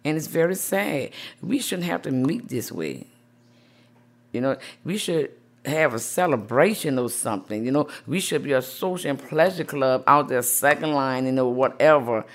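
A middle-aged woman, a grieving mother interviewed for a news report, speaking softly and emotionally with many "you know"s. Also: very deep voice, lively intonation, normal speed. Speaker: grieving mother, support group founder.

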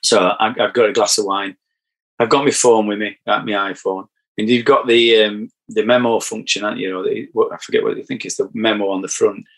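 A man's voice: lowish voice, fairly even intonation, brisk, fairly bright tone, rough recording. A middle-aged man with a northern English accent, chatting on a podcast and telling anecdotes with chuckles. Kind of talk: casual podcast chat.

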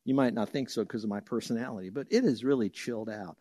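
A male pastor preaching a sermon in an animated way, acting out quoted voices and laughing now and then. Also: mid-range voice, fast, slightly rough, no echo, clean studio sound.

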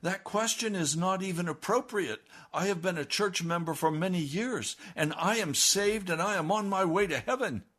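A man's voice: high voice, moderate pace, hardly any pauses, fairly bright tone, pitched above the performer's own voice. A man voicing a bitter, indignant older churchwoman who insists on her standing in the church.

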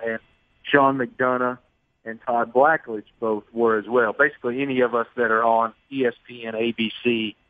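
Brief: chatty man on a tinny phone line, steady mid pitch, storytelling guest. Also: no room sound. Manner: storytelling, self-deprecating, chatty. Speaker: sportscaster guest. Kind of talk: phone-in radio interview.

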